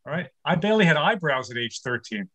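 A New York City man in his sixties performs stand-up over a video call from his home studio, rattling off one-liners and laughing at his own jokes. His voice is a little high and fairly bright, and he talks fast with a lot of animation.

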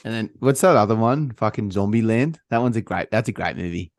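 A young Australian man hosting a casual podcast chat, laughing often and swearing freely in relaxed banter. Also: fairly low pitch, fairly quick, no room sound. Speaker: podcast host.

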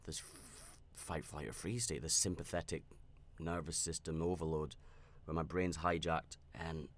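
A man with a very deep voice tells a personal story on his own podcast. He talks candidly and reflectively, often restarting his sentences and filling pauses as he rambles. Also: steady tone. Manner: reflective and self-aware. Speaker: podcast host.

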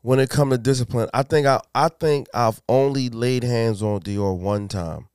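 A man, telling stories in a casual podcast chat, swearing and jumping high when he quotes himself. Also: moderate pace, clean tone, no echo, studio quality. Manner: animated, swearing, voice jumps high in quoted outbursts. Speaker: podcast co-host.

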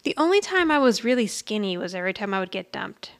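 A woman's voice: mid-range voice, sing-song, quick pace. A woman co-hosting a podcast, chatting casually as she retells a TV episode and often laughs. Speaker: podcast co-host recapping a TV episode. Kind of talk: casual chat.

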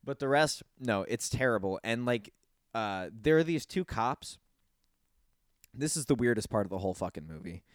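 A man hosts a casual podcast, talking in a dry, close-miked sound with no room around him. He rants animatedly, swears freely and jumps into high squeaky voices when he mimics people. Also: expressive, normal speed, no room sound. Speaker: podcast host.

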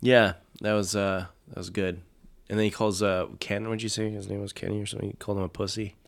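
A man with a fairly low voice talks through a film in a loose, friendly chat. He is openly enthusiastic, chuckling at the funny parts and quoting the lines he loves. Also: little pitch movement, quick pace, vocal fry. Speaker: podcast co-host. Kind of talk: casual film discussion.

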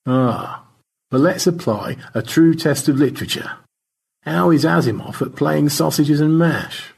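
A man's voice: on the high side, lively intonation, a little slow, gravelly, husky, pitched above the performer's own voice, full character voice. A man voicing Stanley, a dry-witted space rescuer who teases in easy banter. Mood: teasing.

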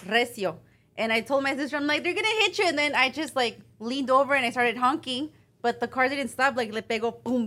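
Woman cohost telling a story, lively, switches into spanish bits, kinda high voice. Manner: animated storyteller, mixes Spanish phrases. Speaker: podcast co-host. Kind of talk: casual storytelling chat.

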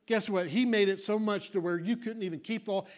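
Male pastor, high tenor preaching voice, emphatic sermon delivery with sudden hushed drops. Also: brisk. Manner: emphatic, swings from loud declarations to hushed asides; acts out congregants' objections in a small voice.

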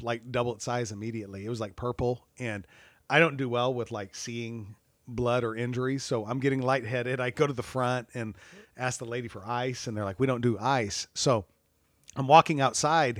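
A man's voice: medium pitch, normal speed, dry recording. Guy telling a goofy story on a podcast, laughs a lot, dry close sound. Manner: animated, laughs often, self-deprecating. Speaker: church staff guest. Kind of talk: casual storytelling chat.

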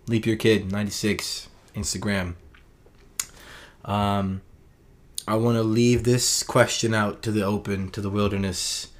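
A man with a fairly low voice, talking loosely to his listeners late at night. He rambles and circles back on his words, earnest and unpolished. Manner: rambling, earnest, self-correcting. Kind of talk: casual late-night monologue.

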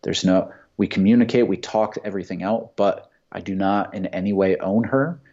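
A man's voice: low-pitched, moderate pace, dark tone. A man talking bluntly and with heavy swearing in a casual opinionated chat. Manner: blunt, profane and emphatic. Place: Santa Monica. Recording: dull lo-fi sound.

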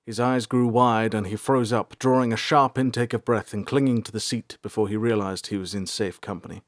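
A man's voice: on the low side, fairly even intonation, dry recording, clean studio sound. Man narrating a fantasy audiobook. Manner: measured storytelling.

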